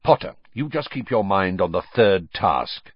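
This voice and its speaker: A gruff, scarred old wizard growls his words with a wary edge, as a storyteller puts him on. The voice sits low, and the dull recording sounds close and dry. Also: lively intonation, a little slow, no room sound, exaggerated voice.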